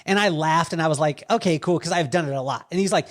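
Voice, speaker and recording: A man telling stories as a podcast guest, animated and quoting others with lively voices. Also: fairly high pitch, rapid-fire, few pauses. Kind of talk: storytelling conversation.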